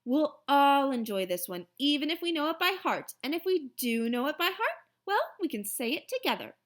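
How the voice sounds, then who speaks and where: A woman's voice: high-pitched, big pitch swings, normal speed, voice pushed up. A woman doing a harried, firm young mother.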